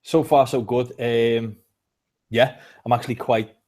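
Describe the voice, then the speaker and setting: A man's voice: medium pitch, steady tone, unhurried, darkish tone. A man with a British accent, co-hosting a casual podcast chat in a rambling, talkative way. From Britain. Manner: rambling, chatty, frequent "um". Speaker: podcast co-host.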